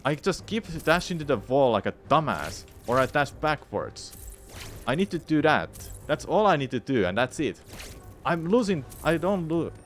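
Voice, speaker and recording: A young male streamer grumbles through a speedrun, swearing at a tricky move. His voice swings widely from low muttering to sharp outbursts, with faint game music underneath. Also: sing-song, normal speed. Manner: frustrated, swearing, muttering to himself. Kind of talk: live streaming commentary while playing.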